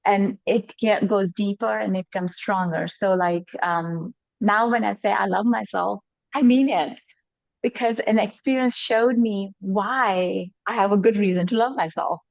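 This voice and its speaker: Woman, casual explaining, raspy fry, muffled lo-fi sound. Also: medium pitch, unhurried, dry recording. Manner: loose and conversational, full of "like" and "you know". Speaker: group member sharing a practice. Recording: dull, dry lo-fi sound.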